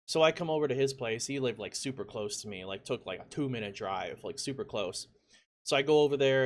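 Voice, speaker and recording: A man at a mid pitch tells a gaming story in a loose, rambling way, leaning on filler words as he goes. When he acts out his own reactions he bursts into loud, excited shouts. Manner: lots of "like" fillers, conversational. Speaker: gaming YouTuber. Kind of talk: casual storytelling.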